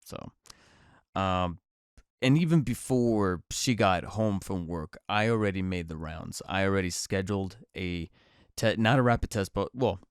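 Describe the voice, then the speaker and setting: A man's voice: sits low, moderate pace, clean tone, no room sound, studio quality. A man hosting his own podcast in casual chat, a bit nasal and congested from a cold, rambling with many fillers and restarts. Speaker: podcast host. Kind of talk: casual solo podcast talk.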